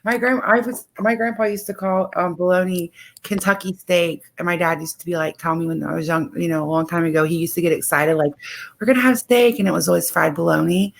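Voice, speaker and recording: Woman, casual chat, low pitch, gravelly fry, relaxed, easygoing.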